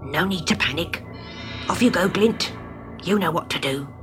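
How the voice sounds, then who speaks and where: A woman voicing a brave, bossy male imp hero in a storybook reading, talking gruffly and snappishly. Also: fairly low pitch, moderate pace, music in the background, close to an everyday voice. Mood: hushed.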